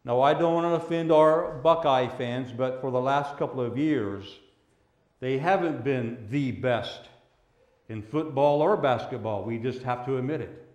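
A man preaching a sermon as pastor. He speaks in a measured way and draws out the words he wants to stress. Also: medium pitch, a little mellow. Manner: measured, with drawn-out emphasis on key words. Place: church sanctuary. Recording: echoey church room.

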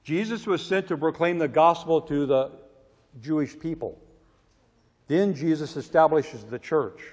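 A man preaching a sermon with emphatic delivery, his voice swelling loud and falling low. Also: a little slow. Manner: emphatic, rising to loud cries on quoted prayers, then dropping low. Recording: long reverb of a large hall.

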